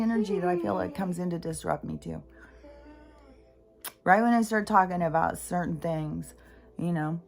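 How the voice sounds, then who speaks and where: A woman's voice: fairly low pitch, normal speed, creaky, long pauses. Middle-aged woman rambling on her vlog, lots of "so anyways", skips all over the place. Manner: rambling, jumps between tangents, many fillers. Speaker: spiritual vlogger. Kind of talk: casual rambling monologue.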